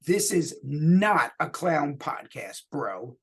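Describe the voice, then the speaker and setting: A man voicing a cocky adult male ballplayer calling in to congratulate a podcast, deadpan and boastful. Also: a little high, slow, breathy edge, full character voice. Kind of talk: celebrity impression call-in.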